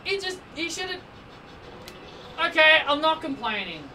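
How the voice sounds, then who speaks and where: Slow, exasperated gamer man, distant mic. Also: very high-pitched, big pitch swings, sharp tone. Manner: exasperated, repeats himself, talks to his game. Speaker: let's play gamer. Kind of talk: casual game commentary. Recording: distant mic with faint background noise.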